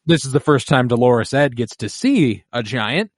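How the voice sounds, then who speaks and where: A man's voice: mid-range voice, moderate pace, no echo, clean studio sound. Man recapping an episode on a podcast. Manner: energetic, recaps the plot, swears freely. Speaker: podcast co-host. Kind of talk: casual chat and episode recap.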